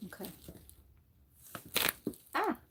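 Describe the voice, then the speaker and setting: Woman streamer, casual, profane, rambling, unhurried delivery; fits a relaxed hair-dye vlog. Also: a little hiss or hum. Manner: loose, profane and rambling, with frequent laughter. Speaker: livestreamer. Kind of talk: casual chat while dyeing her hair.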